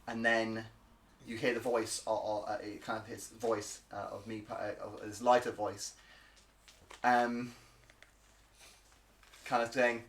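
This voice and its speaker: A man narrating as game master of a tabletop game, halting and full of filler words. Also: lowish voice, flat delivery, a bit bright. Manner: halting, full of ums and uhs.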